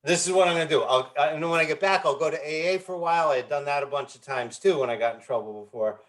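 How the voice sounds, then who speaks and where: A man's voice: on the high side, racing, a bit bright. Earnest middle-aged man telling his story. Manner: earnest, frequent restarts and repeated words. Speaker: guest, founder of a recovery movement. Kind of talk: candid interview storytelling.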